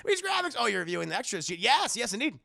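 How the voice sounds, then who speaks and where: A man recapping a TV episode on a live stream in a casual, animated, profane way, often addressing his chat. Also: high voice, fast talker, creaky, no echo, clean studio sound. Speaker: streamer and TV reviewer.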